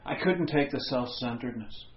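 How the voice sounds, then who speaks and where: A man's voice: mid-range voice, fairly quick, roomy sound, highs cut off. A man preaching an expository sermon, conversational with wry asides.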